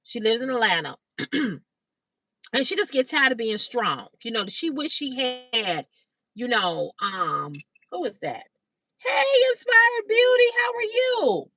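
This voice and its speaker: A woman hosting a casual livestream, retelling a story in a chatty, animated way and greeting viewers by name. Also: fairly high pitch, unhurried, no echo. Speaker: livestream host. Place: outdoors in sunlight.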